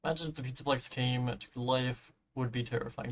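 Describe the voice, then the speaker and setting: A man's voice: mid-range voice, fairly even intonation, normal speed. A man chatting casually on a live stream while building in a game, rambling, humming to himself and swearing offhand, his voice giving out.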